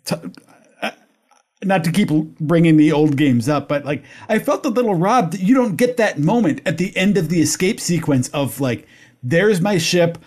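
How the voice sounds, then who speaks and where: A man with a slightly raised pitch talks through his thoughts on a game in a relaxed podcast chat. He hedges often and circles back to find the right word, and the delivery stays thoughtful and unhurried. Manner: reflective, hedging, searching for words. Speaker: podcast panelist. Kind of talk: casual video game discussion.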